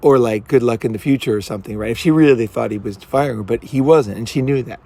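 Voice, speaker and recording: A man's voice: medium pitch, fast talker, creaky, dark tone. Rambling, blunt man coaching on dating. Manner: rambling, keeps asking "right?"; blunt, swears freely. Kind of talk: casual commentary.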